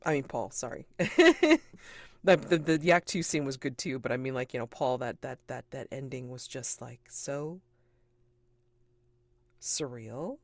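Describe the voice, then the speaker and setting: A game master closing out a tabletop session with loose, excited rambling, full of "like" and "um". The voice sits at an ordinary middle pitch. It is recorded dry and close, with no room sound. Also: measured pace, no room sound. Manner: rambling, enthusiastic, with many fillers and laughs.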